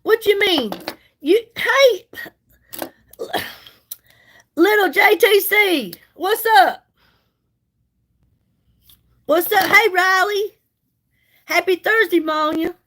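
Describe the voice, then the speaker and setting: An extremely high-pitched middle-aged woman draws out her words and leaves long pauses, her tone fairly bright on a rough recording. While doing her makeup on a product-selling livestream, she chats in a sassy, folksy way and greets viewers by name.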